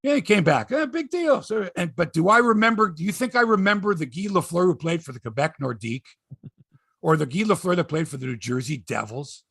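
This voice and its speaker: A man's voice: on the high side, fairly quick, gravelly, fairly bright tone, slightly rough, no room sound, clean studio sound. A man hosting a sports podcast, ranting in casual chat, swearing and acting out quotes in voices.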